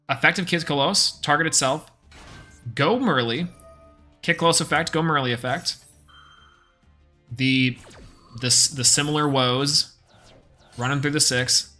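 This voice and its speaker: Bright-voiced man streaming a card game. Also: medium pitch. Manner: casual, chatty play-by-play, thinking aloud. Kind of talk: live gameplay commentary.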